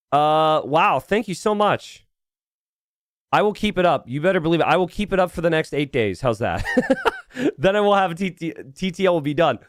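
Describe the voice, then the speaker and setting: This game caster and streamer has a voice on the high side, recorded cleanly in a studio with no room sound. Chatty and meandering, he comments casually on a live strategy game, musing out loud and responding to viewers' messages.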